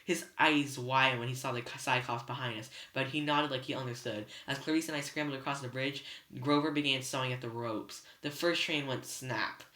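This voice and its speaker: A reader narrating a novel chapter aloud in first person, steady but with slips and restarts. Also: medium pitch, fairly quick, hardly any pauses. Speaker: student reader. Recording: roomy echo.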